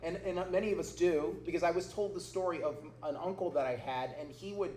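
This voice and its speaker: A man's voice: high-pitched, fairly quick, a little mellow. A middle-aged man, a pastor, giving a conversational sermon with humorous personal stories to a congregation. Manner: humorous, conversational, acts out quoted voices. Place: church hall before a congregation. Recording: echoey room with faint noise.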